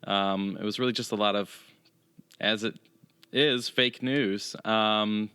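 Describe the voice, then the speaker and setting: A man's voice: lowish voice, steady tone, slow, pushed and bright, smooth, no room sound. A man co-hosting a podcast, speaking in casual, jokey banter and rambling with many ums. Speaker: podcast co-host.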